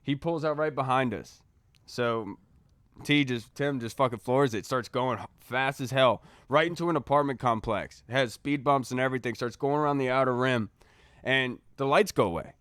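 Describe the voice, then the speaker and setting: A young man, a podcast co-host, telling a story in a casual, animated way and acting out the voices he quotes. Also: mid-range voice, moderate pace, clear, resonant tone, no echo, clean studio sound.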